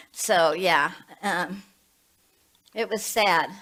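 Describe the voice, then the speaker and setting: A woman's voice: medium pitch, moderate pace, a bit bright, poor audio. A woman in her late seventies, a minister and hospice chaplain, giving a conversational sermon full of personal stories and asides. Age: 70s. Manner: chatty, storytelling with asides.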